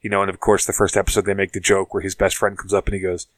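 A man's voice: deep voice, monotone, rapid-fire, dry recording, low-quality recording. A man co-hosting a casual podcast chat about TV shows, rambling with lots of fillers and asides. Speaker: podcast co-host.

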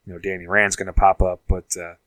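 Fast-talking deep-voiced podcast co-host. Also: male voice, little pitch movement, a bit bright, dry recording, low-quality recording. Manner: rambling, many fillers and asides. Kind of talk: casual chat about TV shows.

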